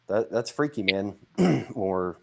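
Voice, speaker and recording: A man's voice: lowish voice, expressive, slow pace, gravelly, fairly bright tone. A man, a guest on a livestream panel, musing in offhand casual chat.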